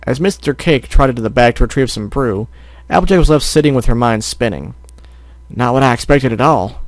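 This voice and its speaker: A man's voice: medium pitch, expressive, brisk, no echo. A man reading fan fiction aloud as an amateur audiobook, sometimes stumbling and correcting himself. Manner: narrates with stumbles and self-corrections.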